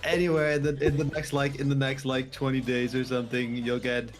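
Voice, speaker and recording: A man's voice: medium pitch, level tone, a little fast. A man in a voice call, chatting casually, chuckling and egging his friends on. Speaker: friend in voice chat. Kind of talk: casual chat.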